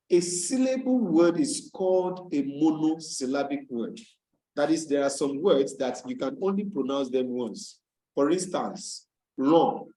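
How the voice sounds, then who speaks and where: A man's voice: fairly high pitch, a little mellow, reverberant, poor audio. A man from Nigeria teaching an English lesson over a video call, patiently explaining and repeating key words for emphasis. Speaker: English tutor.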